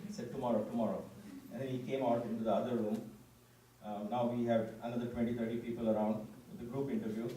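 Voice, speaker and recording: A man, giving an animated personal testimony to a gathering and often quoting himself. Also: medium pitch, quick pace. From India. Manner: animated storytelling, quoting himself, frequent restarts. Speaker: speaker at a devotional gathering. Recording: echoey hall from far off, faint room noise.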